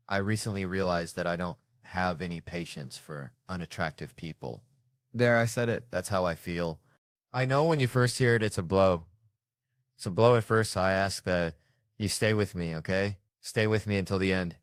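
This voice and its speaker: A man doing stand-up, telling stories in a profane, animated, exasperated rant. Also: low voice, normal speed, no room sound, studio quality. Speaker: stand-up comedian. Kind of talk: stand-up storytelling.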